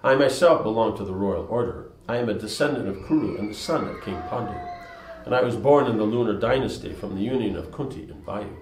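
A proud warrior prince with a commanding, declaiming delivery, as a male reader puts him on. His voice sits a little low and is raised and forceful. The words ring with a roomy echo. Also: fairly quick, close to an everyday voice.

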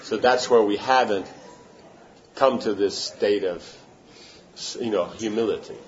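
Man, spiritual teacher, lowish voice, casual devotional lecture, slightly dull recording. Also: a little slow. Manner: conversational, often checks for understanding. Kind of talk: informal devotional talk to an audience. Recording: slightly muffled recording with faint room noise.

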